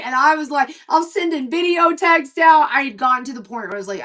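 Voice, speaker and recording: A woman's voice: brisk, few pauses, far from the mic. A woman chatting casually and telling a long story, acting out what people said and swearing freely. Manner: animated, swearing, acts out dialogue in lowered and raised voices. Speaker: livestream co-host.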